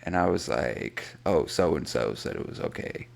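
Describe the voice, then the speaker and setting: A man from South Florida, a podcast co-host, telling a profane, animated story and acting out what people said. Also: extremely low pitch, unhurried, gravelly. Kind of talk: casual chat.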